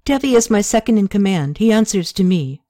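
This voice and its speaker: A woman's voice: mid-range voice, expressive, brisk, dark tone, no room sound, studio quality, pitched above the performer's own voice, natural voice. A woman reading the part of a young prince and commander, speaking in a hesitant, earnest way in an audiobook. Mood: urgent.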